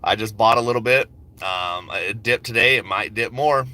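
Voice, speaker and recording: At normal speed, a man with a fairly low, pushed and bright voice talks through his stock picks on a casual phone livestream. Driving and then standing in a coffee shop line, this stock vlogger keeps it laid-back and rambling, joking, swearing freely and laughing often.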